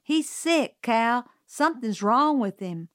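A woman's voice: a little high, expressive, takes it slowly, a bit bright, dry recording, clean studio sound, voice pushed up. A woman doing an eager, insistent young boy. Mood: urgent. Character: anxious, mulish young boy.

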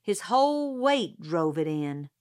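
A woman voicing a gruff, stubborn small-town male sheriff in a spoken audiobook, slow and insistent. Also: fairly low pitch, big pitch swings, a little mellow. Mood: urgent.

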